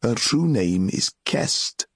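A man voicing a loyal, warm-hearted young male wizard friend in an audiobook, speaking in a steady, friendly manner. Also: medium pitch, slow, breathy edge, no room sound, pitched above the performer's own voice, exaggerated voice. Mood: reassuring. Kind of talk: audiobook character reading.

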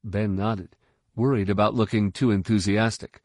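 A man narrating a novel in a measured, steady way. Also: fairly low pitch, no room sound, studio quality. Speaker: audiobook narrator. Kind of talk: scripted narration.

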